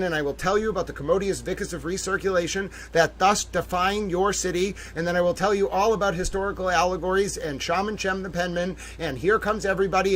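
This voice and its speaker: Male stream host, high voice, mock-grand showman delivery with drawn-out exclamations, casual chat. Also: a little hiss or hum. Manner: playfully theatrical, addresses audience as ladies and gentlemen. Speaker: livestream host.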